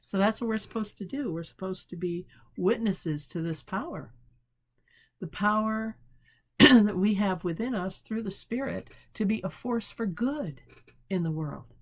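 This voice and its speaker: In a short, prayerful devotional talk, a woman pastor reads slowly, gently and without hurry, pausing to search for words as she reflects. Her voice sits in the mid-range and is expressive.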